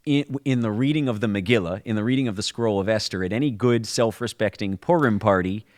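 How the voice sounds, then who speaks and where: Low-voiced man explaining at length. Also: a little fast, darkish tone. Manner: explanatory, storytelling with frequent restarts. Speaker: podcast co-host. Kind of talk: conversational explanation.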